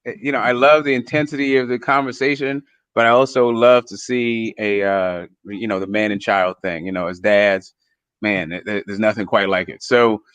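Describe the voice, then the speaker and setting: A man's voice: on the low side, steady tone, normal speed, a bit bright, smooth, no echo. A man co-hosting a sports talk show, pushing back on a point with hesitant, filler-filled phrasing. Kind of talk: sports debate. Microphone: podcast mic.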